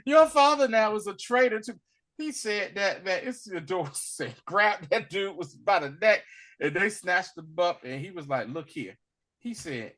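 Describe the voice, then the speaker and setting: Animated man recapping a show. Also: high-pitched, a little slow. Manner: animated retelling, acting out characters' lines in a slangy voice. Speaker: podcast host. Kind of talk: casual episode recap.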